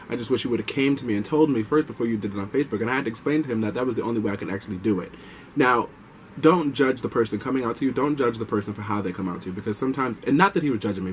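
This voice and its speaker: A man's voice: on the low side, slight background noise, rough recording. Chatty young man telling a personal story. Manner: chatty, animated, advising viewers directly. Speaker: vlogger.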